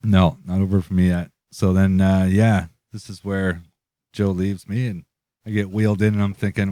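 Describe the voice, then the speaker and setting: A man with a low-pitched voice tells a rambling story on a podcast, swearing freely and laughing along the way. The sound is very dry and close, with no room around it. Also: flat delivery, normal speed, dark tone, dry recording. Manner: loose, profane storytelling with laughs. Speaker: podcast co-host. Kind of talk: casual chat.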